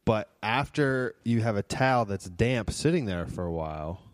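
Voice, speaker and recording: A man's voice: on the low side, expressive, moderate pace, no room sound, clean studio sound. A young man co-hosting a podcast from a home kitchen in laid-back casual chat. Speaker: podcast co-host.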